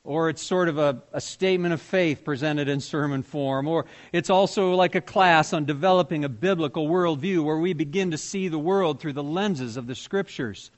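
A man preaching to his congregation in a conversational way. His voice sits a little high for a man. He keeps asking the people in front of him questions. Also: normal speed, few pauses. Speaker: pastor. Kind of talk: sermon.

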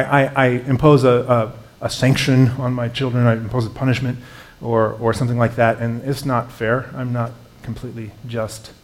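Male pastor, earnest conversational sermon, swells into emphasis, mid-pitched voice.

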